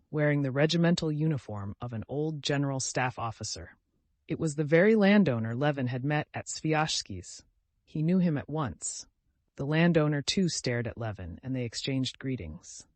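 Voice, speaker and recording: A man narrating a classic novel as an audiobook in a measured, even reading. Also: a little high, dry recording. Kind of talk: scripted narration.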